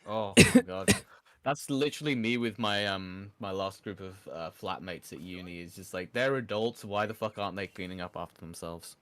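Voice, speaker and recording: A young man in his twenties chatting on a friend's stream, laid back and trailing off quietly. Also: low voice, moderate pace. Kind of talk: casual chat.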